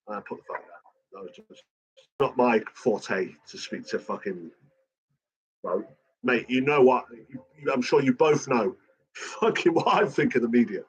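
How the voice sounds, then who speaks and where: A man's voice: a little high, very animated, moderate pace, a bit bright, husky, rough recording. A man talking casually and emotionally about his late father, swearing a lot and rambling. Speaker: son of a late cartoonist, guest.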